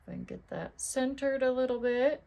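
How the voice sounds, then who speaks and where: Talking to herself and quizzing her viewers as she makes cards, a middle-aged crafter keeps her tutorial chat casual. Her high voice has lively intonation, vocal fry and a dark tone, at normal speed.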